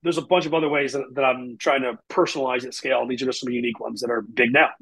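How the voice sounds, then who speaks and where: A man's voice: medium pitch, fairly even intonation, very fast, fairly bright tone, husky. A man who coaches sales teams, a podcast guest who talks energetically and acts out examples. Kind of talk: casual podcast interview.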